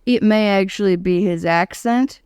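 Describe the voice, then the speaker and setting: Lady guest on a movie podcast, smooth clear voice, dry close mic, laughs a lot. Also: mid-range voice, normal speed, darkish tone, dry recording. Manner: chatty, laughs while talking. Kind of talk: casual film discussion.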